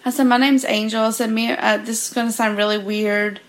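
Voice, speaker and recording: Lady guest with a gravelly fry, kinda high voice, telling a story and laughing a lot. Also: a little fast. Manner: laughing, animated retelling with many quoted lines. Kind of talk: casual storytelling.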